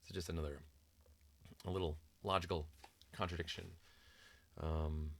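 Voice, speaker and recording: A man's voice: low voice, level tone, moderate pace, fairly bright tone. A middle-aged man, a parent and author, talking casually and at length about raising children, with frequent ums and restarts. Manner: rambling, many ums and restarts, mimics sing-song voices in quotes. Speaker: author discussing his book on parenting. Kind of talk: casual reflective talk.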